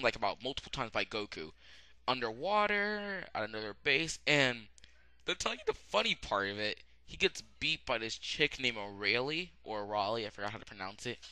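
A young man giving a rambling, casual spoken anime review, full of fillers and sudden excited outbursts. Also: mid-range voice, no echo. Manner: rambling, many "um"s, bursts of loud excitement.

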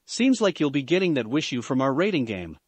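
A man's voice: mid-range voice, big pitch swings, fairly quick, no room sound. A man voicing a sinister snake-like male scientist who chuckles creepily and speaks with menace. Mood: sly. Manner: menacing, amused.

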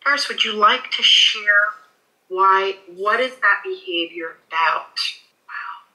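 A woman working as a pet psychic in a session, soothing and reassuring, often halting with fillers. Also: medium pitch, pushed and bright, low-quality recording. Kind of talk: animal communication session.

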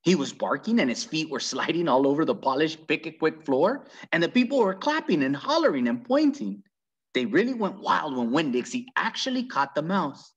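A man reading a children's book aloud with very lively, animated storytelling. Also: a little high, normal speed, husky, dull audio. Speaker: reader.

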